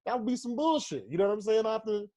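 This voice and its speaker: A man's voice: sits high, lively intonation, very fast, dark tone. A man comedian co-hosting a podcast in casual, profane banter, rambling and slipping into mocking voices for his bits. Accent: American.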